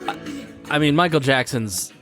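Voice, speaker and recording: A man's voice: mid-range voice, expressive, moderate pace, music in the background. A man co-hosting a podcast, bantering and laughing in casual comedic chat. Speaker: podcast co-host.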